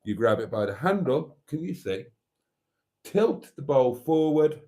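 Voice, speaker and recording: Male stream host, mellow tone, wry and theatrical, rambling over a glass of wine. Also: medium pitch. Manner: wry, theatrical, calls viewers darlings; relaxed and a bit rambling, sipping wine. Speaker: channel host. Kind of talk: live stream chat reading viewer comments.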